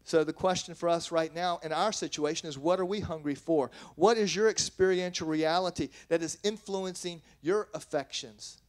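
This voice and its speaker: A man's voice: a little high, fairly even intonation, moderate pace, hardly any pauses. A man preaching a sermon as pastor, earnest and plain-spoken, reading scripture and then explaining it, often restarting his sentences. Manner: earnest, with frequent restarts and self-corrections.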